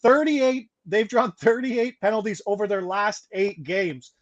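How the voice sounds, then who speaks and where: Higher-pitched male host, quick stat-reader, casual betting talk. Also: dull audio. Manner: brisk, rattles off stats and odds, laughs mid-sentence. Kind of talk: casual sports betting chat.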